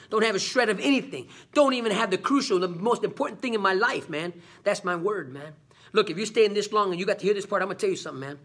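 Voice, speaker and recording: Husky high-voiced man preaching. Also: a bit bright. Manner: preachy, repeats "man" and "come on"; call-and-response questions. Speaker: vlog host. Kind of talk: motivational talk to camera.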